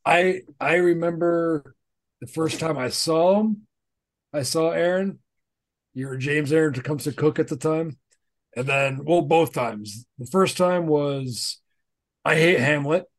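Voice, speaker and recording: A man's voice: fairly high pitch, measured pace. A man co-hosting a podcast, chatting casually and telling profane, rambling stories. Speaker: podcast co-host. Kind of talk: casual chat.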